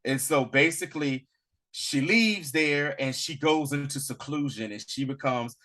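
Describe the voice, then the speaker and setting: A man co-hosting a casual review chat, retelling a story with animated, slangy acted-out lines. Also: mid-range voice, unhurried. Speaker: podcast co-host reviewing a series.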